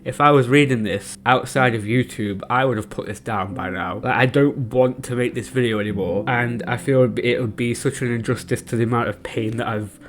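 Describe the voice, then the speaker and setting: A man's voice: medium pitch, a little fast, few pauses. Anxious rambling young man. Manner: rambling, anxious and emotional, laughs nervously. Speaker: book vlogger. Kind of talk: casual reading vlog.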